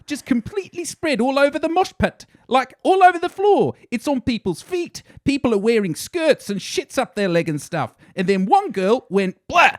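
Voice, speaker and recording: A man doing a put-on New Zealand accent, voicing a shocked concert-goer who excitedly retells a gross gig. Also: very high-pitched, normal speed, hardly any pauses, dry recording, clean studio sound, pitched above the performer's own voice. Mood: aghast retelling. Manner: excited, rising, breathless retelling.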